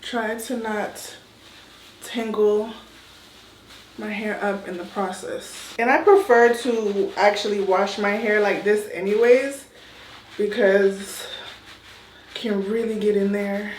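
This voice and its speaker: A woman chatting casually through her hair-washing routine as a vlogger, candid and relaxed. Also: medium pitch, slow pace, pauses often, reverberant, a little hiss or hum. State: out of breath. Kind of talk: casual vlog talk. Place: bathroom shower.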